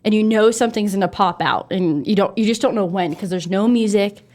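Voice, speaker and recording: A young woman co-hosting a casual chat about what scares her. She talks in an animated, slightly anxious way and fills the gaps with "like" and "you know". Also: medium pitch, fairly quick. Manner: animated, easily spooked, frequent fillers. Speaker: co-host.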